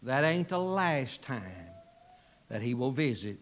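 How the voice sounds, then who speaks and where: A man preaching a sermon, swinging from loud pleading to hushed, drawn-out phrases. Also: mid-range voice, very animated, background noise.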